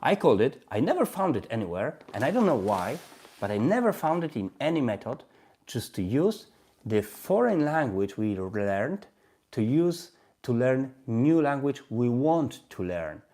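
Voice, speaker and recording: A man with a Polish accent, speaking English as a non-native, casually hosting a language-learning live stream and walking through his flashcards with halting, repeated phrases. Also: mid-range voice, sing-song, dark tone. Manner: halting, repeats and restarts phrases, chuckles often. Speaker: language-learning livestream host.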